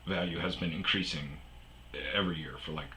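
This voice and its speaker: A middle-aged man, host of a storytelling show, telling a personal story in a rambling, casual way, with many restarts and fillers. He acts out other people loudly when quoting them, then drops low and quiet. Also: fairly even intonation, fairly quick, a little hiss or hum. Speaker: podcast host.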